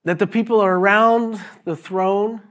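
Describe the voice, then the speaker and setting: A middle-aged man preaching a sermon in an animated, jokey way, acting out little voices as he goes. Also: sits high, a little slow. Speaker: pastor.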